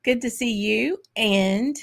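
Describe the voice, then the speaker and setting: On this whisky livestream show, the host speaks slowly in a voice on the high side with vocal fry. Bubbly and chatty, she names viewers in casual welcomes and shout-outs, saying "y'all" and "um" a lot and laughing in bursts.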